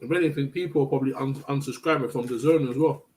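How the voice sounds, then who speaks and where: A man's voice: mid-range voice, fairly even intonation, quick pace, a little mellow. A man hosting a casual live boxing stream, chatting in slang and eating while he talks. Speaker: boxing channel host.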